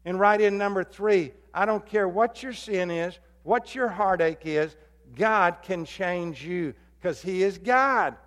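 A man preaching a sermon as pastor, swinging between loud emphatic calls and low hushed appeals. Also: slow. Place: church sanctuary. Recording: long hall reverb.

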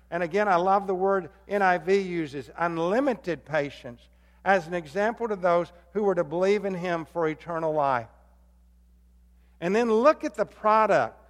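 A man preaching a sermon as pastor, swinging between loud emphatic calls and low hushed appeals. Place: church sanctuary. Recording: long hall reverb.

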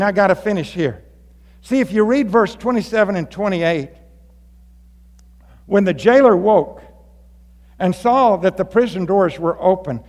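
A man preaching a lively sermon as pastor in church, animated and building to fired-up shouts. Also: high-pitched. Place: church sanctuary. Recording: long reverb of a large hall.

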